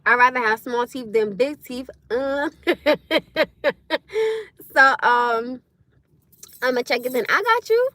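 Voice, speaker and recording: A woman chatting casually on a livestream, loud and laughing often as she answers comments. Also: a little high, fairly even intonation, slow pace, pauses often, no echo. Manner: loud, laughing, talks back to chat. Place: in her car.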